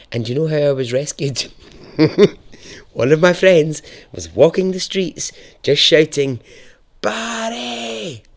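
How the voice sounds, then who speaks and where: A young Scottish man hosting a podcast, telling a true story in a chatty, expressive way that turns hushed and dramatic. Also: a little high. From Scotland. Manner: lively, chatty and profane, dropping to a hushed, dramatic tone for dark moments. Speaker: podcast host. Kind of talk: conversational true-story narration.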